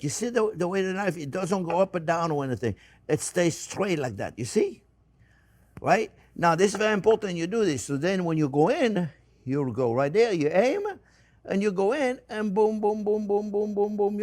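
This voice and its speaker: A man's voice: on the high side, darkish tone. An older man with a French accent, demonstrating a recipe in a kitchen in a chatty, repetitive way, often calling his viewers friends. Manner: chatty, repeats himself, addresses viewers as friends. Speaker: cooking show host. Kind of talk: casual cooking demonstration.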